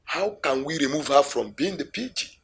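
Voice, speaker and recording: A man's voice: a little high, lively intonation, moderate pace, creaky, a bit bright, a little hiss or hum. An actor playing a worried king plotting against a rival, speaking with a Nigerian accent. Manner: worried, conspiring.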